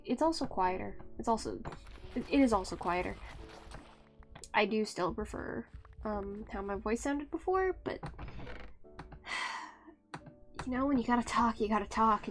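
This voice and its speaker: Give me a soft-spoken woman streamer, slow and rambling as she talks to viewers. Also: medium pitch. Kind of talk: casual live-stream chat.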